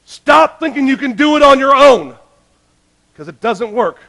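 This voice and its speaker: A male pastor delivering a sermon in a high voice with a gravelly edge. He preaches emphatically, pushing some lines out loud and urgent and dropping others almost to a hush. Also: expressive, unhurried. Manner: emphatic, swings between loud urgent lines and hushed ones.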